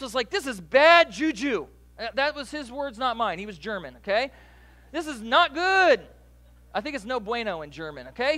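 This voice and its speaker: A pastor preaching a sermon in a relaxed, conversational way, with asides and quick jokes to the congregation. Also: male voice, very high voice.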